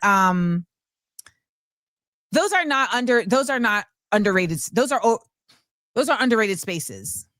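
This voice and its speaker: A woman hosting a casual talk show, telling stories in an animated way and acting out what people said. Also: on the high side, no room sound. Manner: animated storytelling, acts out quotes. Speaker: host. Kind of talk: casual chat.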